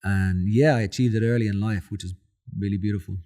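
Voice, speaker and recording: Telling stories as a guest on a casual podcast interview, a fortyish Dubliner from Ireland talks quickly in a fairly low voice. His delivery is animated and emotional, and he performs his own quoted lines with real feeling.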